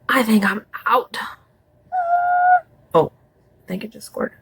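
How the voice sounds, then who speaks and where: A woman's voice: mid-range voice, slow pace, vocal fry, background noise. A woman chatting casually through a makeup tutorial, rambling with folksy asides. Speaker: beauty vlogger.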